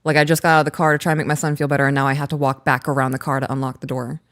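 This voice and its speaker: A woman in her thirties, co-hosting a casual chat and telling a story in an animated way, laughing as she talks. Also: extremely low pitch, racing. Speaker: podcast co-host.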